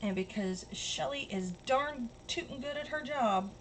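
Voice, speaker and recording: A woman hosting a casual crafting livestream, chatty and gushing with excitement. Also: fairly high pitch, a little slow, a little hiss or hum.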